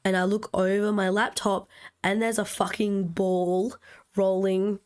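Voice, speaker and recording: A woman's voice: medium pitch, flat delivery, unhurried, a little mellow, clean tone. A woman with an Australian accent co-hosting a podcast, chatting casually and telling stories at an easy pace. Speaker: podcast co-host. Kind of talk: casual chat.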